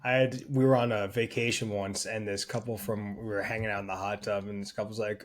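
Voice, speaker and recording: A man's voice: fairly low pitch, level tone, fairly quick, hardly any pauses. A man with a New Jersey accent, co-hosting a podcast in a sarcastic, profane, casual way. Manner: sarcastic, swears freely. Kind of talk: casual chat.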